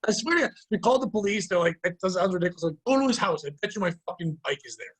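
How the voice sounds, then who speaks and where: Man, middle-aged, fairly high voice, rambling profane storyteller, casual podcast chat. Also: very fast, slightly rough. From Connecticut. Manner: rambling, profane, animated retelling. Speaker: podcast host.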